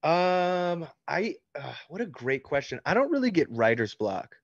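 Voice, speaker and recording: A man's voice: on the high side, very animated, measured pace, dry recording, highs cut off. A man in his thirties answering fan questions about his book, rambling casually with plenty of likes and ums. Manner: loose and rambling, many likes and ums, laughs easily. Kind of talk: casual interview chat.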